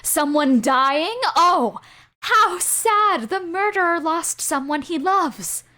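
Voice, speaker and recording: A woman voicing a bitter ghost who sneers and mocks crudely, often jumping higher in pitch. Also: lively intonation, takes it slowly, pushed and bright, heavily acted. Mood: mocking. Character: bitter, mocking ghost of a murdered man.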